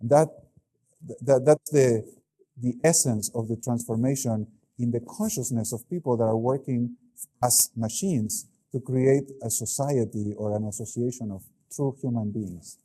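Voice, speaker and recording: Brief: middle-aged male keynote speaker, warm mellow tone, animated delivery. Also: medium pitch, measured pace, a little hiss or hum. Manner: animated, acts out quoted voices. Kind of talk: keynote lecture.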